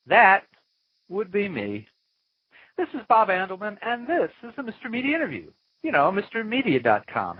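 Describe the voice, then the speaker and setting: A man hosts his interview podcast in a husky, rather high voice. His pitch swings wildly as he jokes and rambles. The sound is dry and a little dull, like a small home setup. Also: no room sound. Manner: playful, animated, mock-dramatic asides. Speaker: podcast host. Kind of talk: chatty interview-show host intro. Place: small home studio, Florida.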